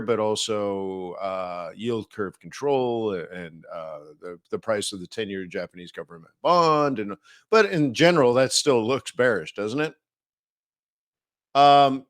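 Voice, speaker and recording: A man's voice: mid-range voice, fairly bright tone, no echo, studio quality. A man hosting a live market-analysis stream, talking casually and rambling with many fillers and restarts.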